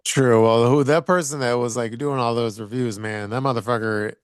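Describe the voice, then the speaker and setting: A man's voice: mid-range voice, fairly even intonation, normal speed, smooth, no room sound, studio quality. A man hosting a podcast in casual chat, easygoing, with lots of fillers and agreeing murmurs. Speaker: podcast host.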